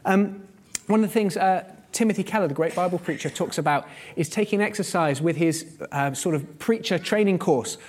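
A man's voice: high-pitched, moderate pace, a little mellow. A man preaching a sermon in a conversational, earnest teaching manner, using everyday examples.

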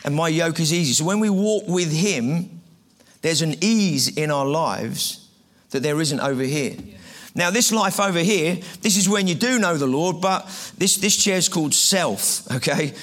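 A man's voice: on the high side, expressive, a little slow, fairly bright tone. A man preaching a sermon to a live audience in a conversational way, repeating phrases and asking the room questions.

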